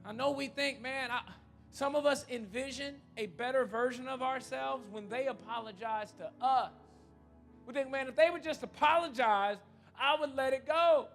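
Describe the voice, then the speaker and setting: A man's voice: very high voice, normal speed, a bit bright, faint music behind. A man preaching a sermon in a church, telling a humorous story and then making an earnest, repetitive appeal. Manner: repetitive and emphatic. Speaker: pastor.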